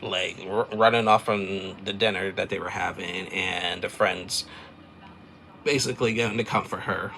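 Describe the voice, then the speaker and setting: Gravelly deep-voiced man rambling a recap. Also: steady tone, measured pace, bright, forceful tone, a little hiss or hum. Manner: rambling, chatty, loose filler-heavy storytelling. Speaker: reality TV recap host. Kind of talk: casual recap chat.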